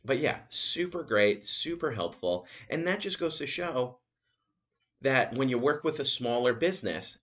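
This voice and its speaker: A man's voice: medium pitch, unhurried, muffled recording. A young man hosting a solo podcast, telling rambling, profane stories and acting out other people's lines. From New York area resident. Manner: rambling, profane, animated storytelling with acted-out quotes. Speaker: podcast host. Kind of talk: casual solo podcast monologue.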